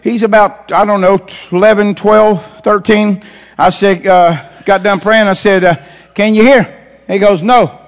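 A male preacher with a strikingly high voice, recorded in a church sanctuary with long reverb. He tells stories in a folksy, chatty way, then rises to shouted preaching. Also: level tone, normal speed. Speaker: pastor. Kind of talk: sermon.

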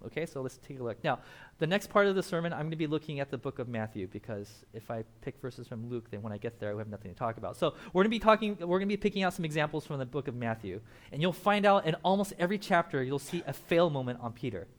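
Animated young man preaching casually. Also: fairly high pitch, fast. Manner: animated, acts out Bible characters with laughs. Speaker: pastor. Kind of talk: casual sermon.

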